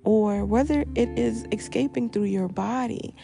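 A woman's voice: fairly high pitch, unhurried, creaky, warm tone, faint music behind. A woman hosting a podcast, talking candidly and emphatically in a reflective personal monologue, repeating phrases and swearing freely. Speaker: podcast host.

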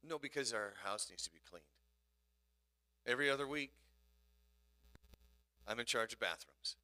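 A man's voice: mid-range voice, lively intonation, normal speed, pushed and bright, no echo. A tired man bantering dryly and playfully during a church service. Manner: dry, joking, playful.

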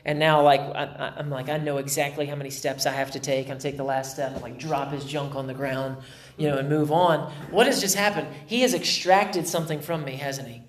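A male pastor delivers a conversational sermon in a fairly high voice. He slips into quick voices for the people in his stories. The room around him is noticeably echoey. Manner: conversational, acts out quoted voices.

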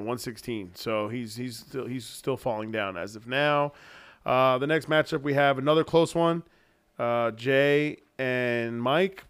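A man's voice: mid-range voice, fairly bright tone, clear, resonant tone, no echo. A young man co-hosting a podcast in casual banter, wry and teasing, rambling with fillers. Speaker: podcast co-host.

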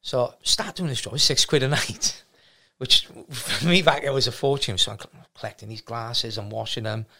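A man's voice: medium pitch, normal speed, vocal fry, hardly any pauses, bright, forceful tone. A middle-aged man, a gym owner frankly telling his life story as a podcast guest, rambling with many restarts. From South Wales. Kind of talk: casual storytelling interview.

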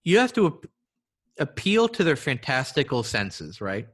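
A man's voice: a little high, big pitch swings, measured pace, a bit bright, husky. A man riffing playfully in a casual comedic podcast chat. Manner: riffing, playful, slips into silly voices.

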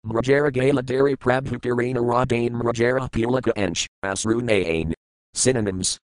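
A man reads scripture in a steady, measured way, going word by word through each verse's meanings before giving the translation. His voice sits at a middling pitch. The recording is dry and close, with no room sound. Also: no room sound, poor audio. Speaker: scripture reader.

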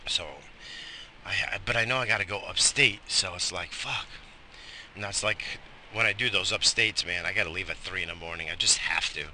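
A man's voice: deep voice, normal speed, bright, forceful tone, slight background noise. A middle-aged man, tired and coughing, rambling profanely in a casual morning vlog. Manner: profane, rambling, loose and chatty. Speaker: vlogger.

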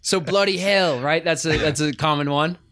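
A man's voice: a little high, moderate pace, fairly bright tone. A man co-hosting a gaming podcast, quizzing his friends in a playful, casual chat and laughing often. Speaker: podcast co-host.

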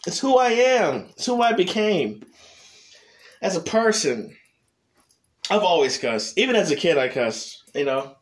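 A man's voice: high voice, big pitch swings, a little slow, pauses often. A young adult man hosting a solo podcast, rambling casually with heavy cursing and many restarts. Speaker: podcast host.

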